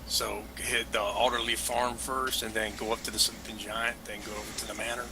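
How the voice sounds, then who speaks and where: Low-voiced man with noise behind. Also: level tone, brisk. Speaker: player. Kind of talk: tabletop game chat.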